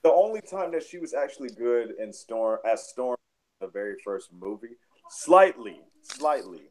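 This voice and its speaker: A man co-hosting a casual live movie review, talking in a relaxed, agreeable way with some hesitation. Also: mid-range voice, normal speed, low-quality recording. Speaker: podcast co-host.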